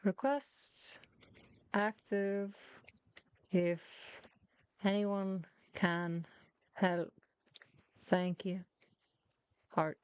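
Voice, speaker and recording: A woman's voice: mid-range voice, level tone, drawn-out words, long pauses, clear, resonant tone, dry recording. Chatty woman in a put-on Irish accent. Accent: put-on Irish, Dublin-ish with a hint of American. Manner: chatty, swears casually, talks to her cat and chat. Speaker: game streamer. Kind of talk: casual gameplay chat with viewers.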